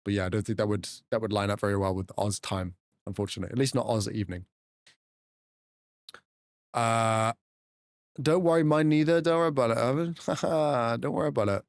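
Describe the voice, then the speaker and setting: A man's voice: mid-range voice, a little fast, long pauses, dry recording, studio quality. A man in casual, teasing chat with his live viewers as a game streamer, swearing freely.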